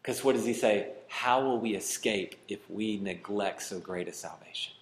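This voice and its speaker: A male pastor preaching a sermon, pleading and emphatic, swinging from loud, high emphasis to quiet, low asides. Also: normal speed, roomy sound. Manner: pleading, rising to emphatic then dropping quiet.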